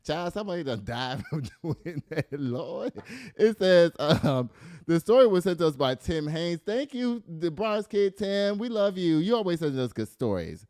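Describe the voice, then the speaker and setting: A man's voice: fairly high pitch, a little slow, no room sound, clean studio sound. A middle-aged man hosting casual news commentary, reading stories aloud and riffing with laughter. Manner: animated, laughing, reads stories aloud then riffs.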